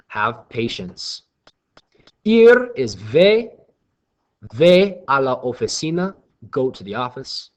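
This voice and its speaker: A man teaching Spanish in a recorded lesson, who speaks slowly and stresses each new word as he introduces it. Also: mid-range voice.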